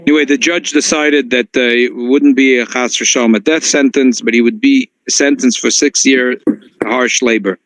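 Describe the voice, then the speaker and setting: Rabbi telling a story in a class. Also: male voice, mid-range voice, normal speed, no room sound, low-quality recording. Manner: animated storytelling, frequent restarts, Yiddish and Hebrew phrases.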